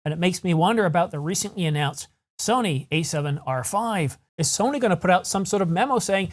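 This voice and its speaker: A man's voice: sits high, animated, a little fast, hardly any pauses. Guy venting on his camera news vlog, frustrated, rambly, keeps correcting himself. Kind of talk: solo vlog rant.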